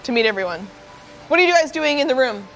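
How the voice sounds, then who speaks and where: A woman narrating as game master of a tabletop game, describing the scene in measured sentences. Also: high-pitched, lively intonation, vocal fry, a bit bright, soft background music, poor audio. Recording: faint background noise.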